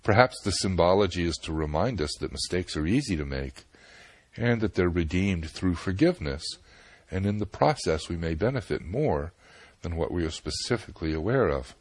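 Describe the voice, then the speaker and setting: Deep, husky-voiced male storyteller. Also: no echo. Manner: calm, measured storytelling with voiced dialogue. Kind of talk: scripted narration of a myth.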